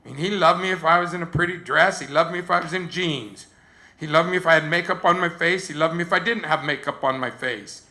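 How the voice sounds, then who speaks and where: Male youth speaker, bright and a bit high-pitched, lively storyteller. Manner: animated storyteller, quoting others in a softer voice. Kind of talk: storytelling talk to teens.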